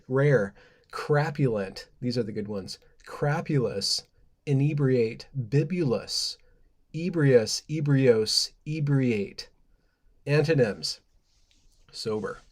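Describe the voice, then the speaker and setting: A man's voice: medium pitch, lively intonation, slow. Rambling playful male livestream host. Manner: rambling, playful, reads word lists aloud with asides; laughs at his own jokes. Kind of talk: casual livestream monologue.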